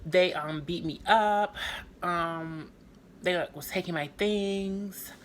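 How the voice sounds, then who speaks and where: A woman telling a personal story to camera in a rambling, halting way, full of fillers. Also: lowish voice, slight background noise. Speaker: storytime vlogger.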